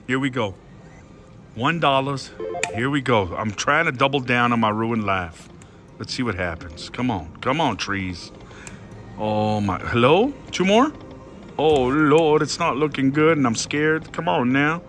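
A man commenting excitedly on his own slot machine play, talking to his viewers and swinging between hushed worry and loud outbursts. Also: medium pitch, a little slow, soft background music.

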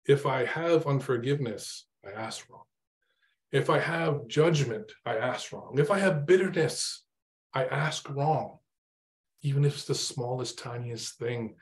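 Conversational middle-aged male preacher. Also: mid-range voice. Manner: conversational, asks the listener questions, acts out his own exasperated prayers. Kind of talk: informal sermon.

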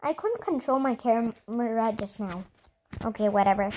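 A woman's voice: on the high side, normal speed. Bubbly young girl chattering over gameplay. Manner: excitable, chatty, giggly, self-conscious. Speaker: gaming channel host. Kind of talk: casual gameplay commentary.

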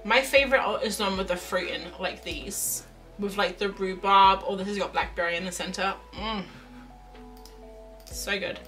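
Bright-voiced chatty woman streaming. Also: medium pitch, moderate pace, distant mic. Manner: chatty and rambling, reads chat messages aloud. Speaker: art streamer. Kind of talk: casual livestream chat while drawing. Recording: voice slightly off-mic with faint music.

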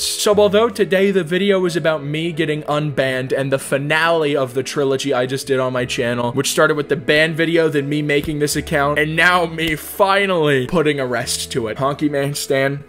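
A man doing let's play commentary as a gaming YouTuber, sarcastic and mock-dramatic, jumping into loud squeals. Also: a little high.

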